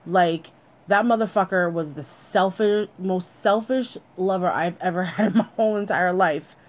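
Woman, slightly low register, blunt and profane, personal storytelling monologue. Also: normal speed.

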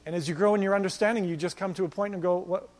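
A male pastor preaching a sermon, swinging between loud exhortation and quiet storytelling. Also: high voice, fairly even intonation, racing.

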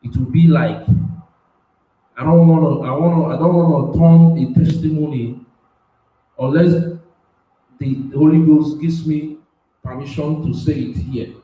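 A man preaching with strong emotion. He stumbles over words, restarts phrases, and his voice surges high and loud when he gets worked up. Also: fairly even intonation, unhurried, long pauses, narrow, tinny audio. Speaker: self-styled prophet and preacher. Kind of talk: impassioned spontaneous preaching. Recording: very echoey room, voice far from the mic.

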